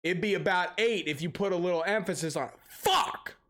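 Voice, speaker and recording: A young man with a high voice speaking at normal speed chats casually on a game stream. He curses a lot, rants, and spins animated stories.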